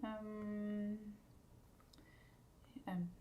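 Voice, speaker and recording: Relaxed chatty woman on a livestream. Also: medium pitch, very slow, phone-quality sound, faint music behind. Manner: relaxed and chatty, laughs often, many fillers. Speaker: singer hosting a fan livestream. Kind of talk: casual livestream chat reading viewer comments. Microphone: streaming setup at a desk.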